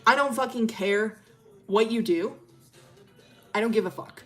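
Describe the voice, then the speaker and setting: A woman's voice: fairly high pitch, unhurried, a bit bright, faint music behind. A woman voicing a fed-up teenage girl who talks bluntly and curses. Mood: cold. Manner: blunt, cursing, dismissive.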